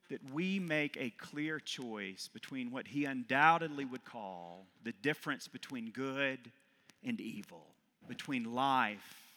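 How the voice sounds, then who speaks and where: A middle-aged man, an Episcopal priest, preaching a sermon with loud emphatic peaks that fall back to quiet reflection. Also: on the high side. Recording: long reverb of a large hall.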